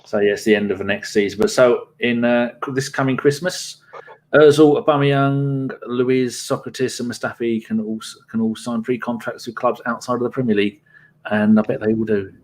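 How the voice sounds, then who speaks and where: A man hosting a casual football podcast at a middling pitch. He talks briskly and wryly and swears freely as he moves the show along. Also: fairly even intonation. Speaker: stand-in podcast host.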